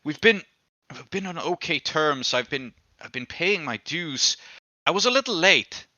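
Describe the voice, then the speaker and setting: A man's voice: on the high side, lively intonation, a little slow, sharp tone, no echo, lo-fi sound, pitched above the performer's own voice, exaggerated voice. A man voicing a drunk, bruised, despondent male tea seller who stammers and mumbles through his words. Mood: rattled. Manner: stammering, mumbling, self-pitying.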